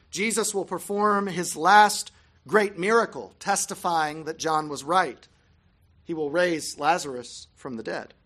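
A Bible teacher giving scripted narration on a gospel passage, measured with emphatic pauses. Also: mid-range voice, fairly bright tone.

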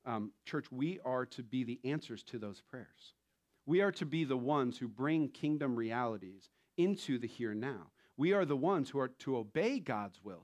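A man in his thirties preaching a sermon in a relaxed, conversational way, telling stories with light laughter. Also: medium pitch. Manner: conversational, animated storytelling with laughs. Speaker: pastor.

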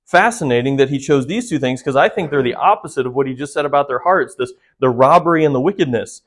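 A man preaches a sermon in an earnest, direct voice. He talks to his listeners and often asks them rhetorical questions. His pitch sits in the middle for a man. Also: quick pace, fairly bright tone. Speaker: pastor.

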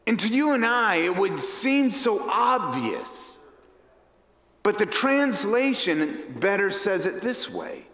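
Male pastor, unhurried, dramatic storytelling sermon, echoey hall. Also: high-pitched. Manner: dramatic, animated storyteller who acts out characters.

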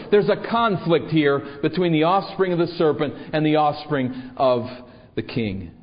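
Male preacher, slightly high voice, posing rhetorical questions; muffled recording in a reverberant church. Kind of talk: sermon.

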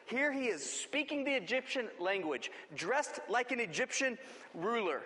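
A man preaching a sermon, telling the story dramatically and acting out the quoted lines, swinging between booming and hushed. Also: sing-song, normal speed. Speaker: pastor. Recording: long hall reverb.

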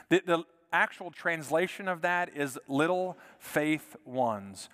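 An earnest male pastor delivers a sermon in a slightly high voice. He repeats words as he goes and falls to a soft hush for emphasis. A long hall reverb trails behind every phrase. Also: lively intonation, normal speed.

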